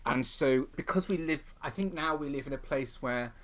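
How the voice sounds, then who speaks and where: A man's voice: medium pitch, moderate pace. An older man, a guest comedian, chatting on a podcast with wry, self-deprecating, theatrical storytelling. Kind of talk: casual podcast conversation.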